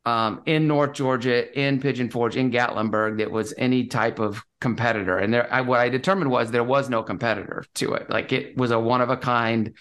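A man's voice: mid-range voice, fairly even intonation, brisk, few pauses, fairly bright tone, smooth. A man, a real estate investor guest, talking casually and enthusiastically, with lots of fillers and restarts. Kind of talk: casual interview talk.

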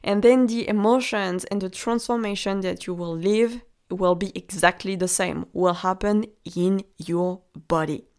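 A woman with a French accent coaches her listener through a motivational podcast. She talks slowly and gently, and her voice sits in the middle of the range. She keeps addressing the listener directly in an encouraging way. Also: medium pitch, steady tone, smooth. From France. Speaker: podcast host and relationship coach.

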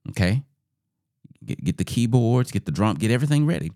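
Man doing a cocky, menacing king with a raised, animated voice. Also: mid-range voice, a little fast, no echo, clean studio sound, pitched above the performer's own voice, natural voice. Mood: proud, threatening. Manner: mocking, swaggering, slangy. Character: boastful angry male king, proud and threatening.

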